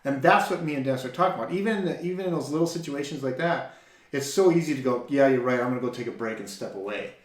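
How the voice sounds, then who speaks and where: This co-host of an informal faith podcast talks quickly in a mid-range voice, telling his story with lots of energy. He restarts sentences often and repeats words when launching into a thought; the recording has an echoey room sound.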